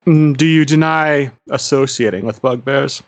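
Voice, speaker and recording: A man voicing a huge, scarred adolescent male bugbear jailer who interrogates a prisoner bluntly and gruffly. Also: medium pitch, normal speed, no echo, lightly acted. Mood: menacing. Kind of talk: tabletop role-play voice.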